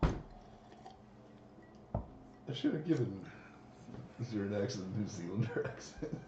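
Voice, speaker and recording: Brief: joking male player, lively varied pitch, echoey room, dull audio with clear background noise. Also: takes it slowly. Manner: joking, playing with accents. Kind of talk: casual tabletop play.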